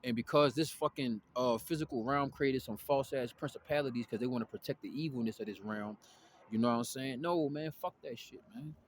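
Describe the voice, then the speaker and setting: A man's voice: mid-range voice, brisk, a little hiss or hum. Profane, slangy man ranting about faith. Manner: profane street slang, constant "you know what I'm saying". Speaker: spiritual vlogger. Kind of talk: casual spiritual rant to camera.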